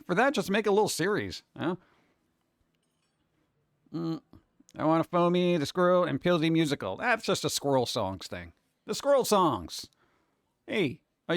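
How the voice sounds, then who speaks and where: A cartoon creator who hosts streams chats casually with his live audience, his male voice sitting slightly higher than typical. He rambles and cracks jokes, skipping from subject to subject. The audio is dry and close-miked, without any echo or room sound.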